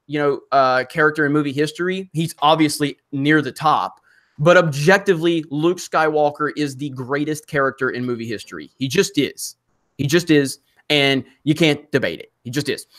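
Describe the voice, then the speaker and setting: Rambling Alabama-raised streamer, higher voice. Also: male voice, a bit bright. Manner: rambling, many fillers and restarts, quick laughs. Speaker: live stream host. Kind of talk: casual live stream chat.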